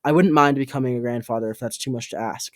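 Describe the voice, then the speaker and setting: A man's voice: medium pitch, fast talker, no echo, clean studio sound, close to an everyday voice. A man voicing an irritable, sarcastic older father in an audiobook.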